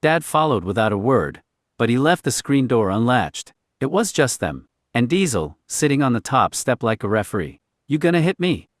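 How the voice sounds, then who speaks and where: A man reading a story aloud in a quiet, clipped, understated way. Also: mid-range voice, very animated, normal speed, no room sound, clean studio sound. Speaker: narrator. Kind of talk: scripted story narration.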